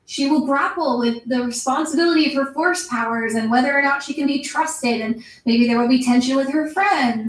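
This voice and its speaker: A woman giving a casual, sarcastic film critique, laughing at her own jokes and acting out the characters' lines in mock voices. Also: sits high. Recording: roomy sound from a distance.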